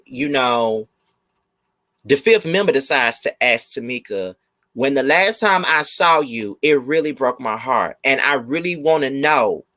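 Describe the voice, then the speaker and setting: A man chatting casually through a live review of a TV episode. He is animated and slips into mocking impressions. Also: mid-range voice, no echo.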